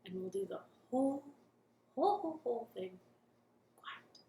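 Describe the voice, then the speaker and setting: A woman's voice: a little high, lively intonation, moderate pace, warm tone, roomy sound, slight background noise. A young woman leading a cheerful children's storytime from her living room, chatting and singing simple songs.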